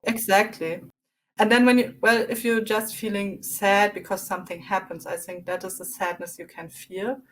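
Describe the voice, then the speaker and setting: A woman guest in a casual interview, reflective and animated as she tells her recovery story. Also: mid-range voice, moderate pace.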